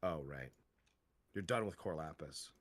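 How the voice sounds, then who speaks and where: A man's voice: rumbling low, animated, unhurried. A man from the United States, a voice actor chatting and joking while streaming a game. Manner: playful, jokey. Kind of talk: casual chat while playing.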